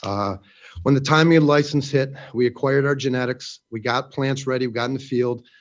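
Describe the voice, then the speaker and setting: A man's voice: mid-range voice, brisk, dull audio. A man, a farmer from Western New York, giving an earnest, emotional public comment at a hearing, with many fillers.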